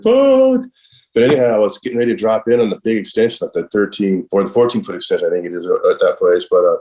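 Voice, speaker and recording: Middle-aged male podcast guest, deep and low, rambling storyteller who swears freely. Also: a little mellow, poor audio. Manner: rambling and profane, heavy use of "like" and "I'm all". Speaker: podcast guest, professional skateboarder. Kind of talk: casual storytelling.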